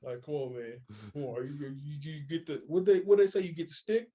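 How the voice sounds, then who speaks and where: A young man co-hosting a casual chat, telling stories with animated voices for the people he quotes. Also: on the high side, fast talker. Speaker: podcast co-host.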